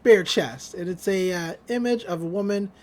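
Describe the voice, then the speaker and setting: A podcast host casually recapping a cartoon episode, animated, laughing often and acting out the lines. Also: mid-range voice, moderate pace.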